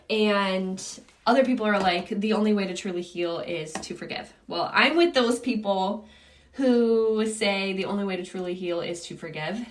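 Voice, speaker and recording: A woman's voice: medium pitch, moderate pace. A woman in her thirties hosting a solo podcast, talking candidly and casually, with frequent fillers and swearing. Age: 30s. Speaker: podcast host.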